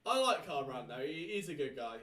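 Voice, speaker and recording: A man with a British accent hosting a live sports draft watchalong, chatty and excitable, often correcting himself mid-thought. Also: a little high, a little fast. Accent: British English. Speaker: host.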